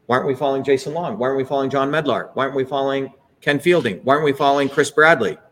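A man hosting a political livestream, giving a heated, profane speech that rises to shouts. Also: mid-range voice, racing, slight background noise. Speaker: host.

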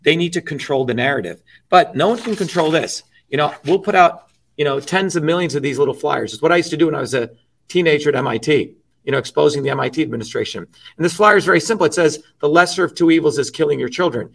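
Middle-aged male interviewee, slightly high voice, forceful and profane, rambling fillers. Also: fast talker, vocal fry. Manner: emphatic, blunt and profane, with many you-knows. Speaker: interviewee, political candidate. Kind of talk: impassioned political talk.

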